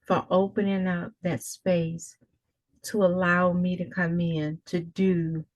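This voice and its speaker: A woman's voice: lowish voice, flat delivery, slow pace, no echo. A woman coach hosting an interview, effusive and full of praise, speaking often of God. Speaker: coach and host. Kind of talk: emotional interview.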